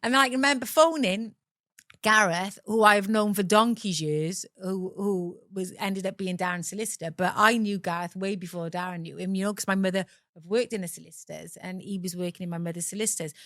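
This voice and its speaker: A woman's voice: medium pitch, a little fast, a bit bright, no echo, studio quality. Blunt South Welsh woman telling her story. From Wales. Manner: blunt, swears freely, acts out voices in her story. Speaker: guest. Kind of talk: candid personal storytelling.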